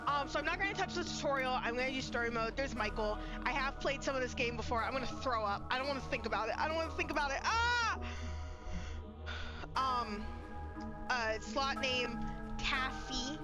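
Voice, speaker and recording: A woman's voice: high voice, fairly quick, music in the background. A woman streaming a horror game live from her bedroom, chatting nervously and breaking into frightened squeals. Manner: jittery, scared, squealing outbursts. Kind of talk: live gameplay commentary. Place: home bedroom.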